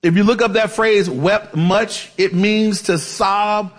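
A man's voice: high voice, fairly even intonation, slow pace. A man preaching a conversational Bible-teaching sermon, casual and chatty, with frequent asides and restarts. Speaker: pastor.

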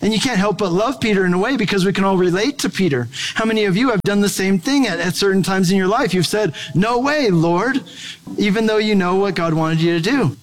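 Male pastor, high voice, chatty sermon delivery with jokey asides, long reverb. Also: fast, few pauses. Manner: conversational, playful asides.

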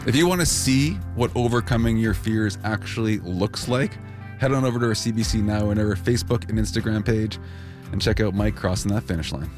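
A man hosting a radio program, presenting and narrating from a script in a clear, steady way. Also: fairly low pitch, brisk, over music. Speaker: radio show host.

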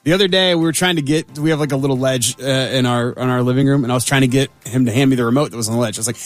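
A man's voice: expressive, rapid-fire, hardly any pauses, no echo, soft background music. A man who is a parent of two young children, chatting casually and telling a laughing story about his son. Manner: laughing storyteller, drops low when setting up a story. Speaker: guest and parent. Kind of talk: casual chat.

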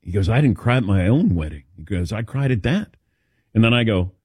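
A man hosting a sports talk show, telling stories in a lively, animated way and calling on his co-hosts by name. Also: on the low side, brisk, husky, dry recording, studio quality. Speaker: radio show host. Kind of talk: casual sports talk chat.

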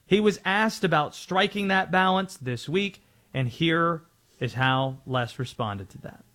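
Lively man hosting a sports show. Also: on the high side, unhurried. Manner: segues into topics, sets up clips. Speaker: sports talk co-host.

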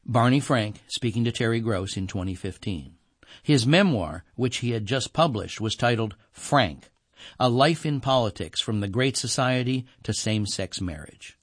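A male radio host reading scripted broadcast narration in a calm, even delivery. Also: medium pitch, dry recording, clean studio sound.

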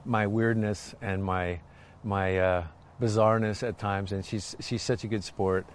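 A man's voice: on the low side, steady tone, slight background noise. A man co-hosting a casual Christian chat show with his wife, playful and joking. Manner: joking, playful, reads scripture slowly. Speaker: co-host.

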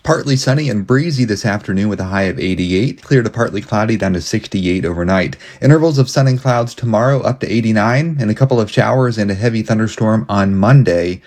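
Radio meteorologist, man, low voice, even informative read. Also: fairly quick, few pauses. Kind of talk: radio weather forecast.

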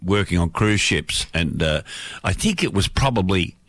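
A man's voice: deep voice, expressive, normal speed, fairly bright tone, dry recording. A middle-aged Australian man presenting on radio, telling rambling stories between songs with lots of fillers. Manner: rambling anecdotal storytelling with many fillers.

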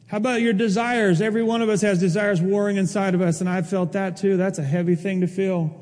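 Male pastor, high voice, mellow tone, impassioned preaching, long church-hall reverb. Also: fairly even intonation, moderate pace. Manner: impassioned preaching, rising to near-shouts. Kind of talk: sermon.

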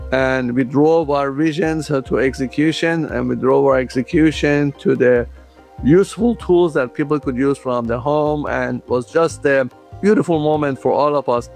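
A gravelly, earnest man from the Middle East. He recalls events in an interview, halting with frequent fillers and non-native phrasing. Faint music plays underneath. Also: on the high side. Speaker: inventor interviewed.

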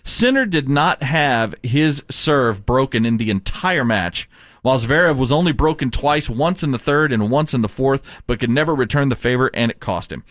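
A man's voice: mid-range voice, normal speed, no echo, clean studio sound. A man hosting a casual sports news show, reading headlines and laughing with co-hosts. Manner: lively, laughs often, reads news items.

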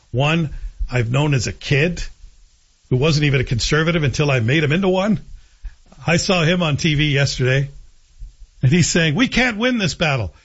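A man hosting a radio talk show, giving animated, sarcastic opinion commentary. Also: a little high, breathy edge. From Canada. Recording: dull lo-fi broadcast audio.

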